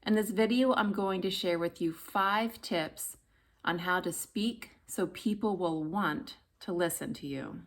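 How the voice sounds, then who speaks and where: A woman coaching voice and speech. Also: measured pace. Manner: expressive, demonstrates pitch and volume shifts. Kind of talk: instructional video talk.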